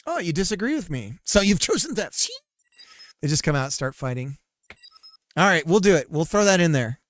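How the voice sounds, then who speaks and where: A man's voice: a little high, sing-song, normal speed, a bit bright, no echo, studio quality. A man game developer livestreaming, chatting casually while coding, rambling and self-mocking with frequent laughs.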